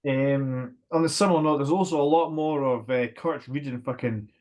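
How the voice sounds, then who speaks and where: A man's voice: mid-range voice, moderate pace, darkish tone. A man co-hosting a podcast, making blunt, exasperated remarks about a film. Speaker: podcast co-host. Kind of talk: casual film review chat.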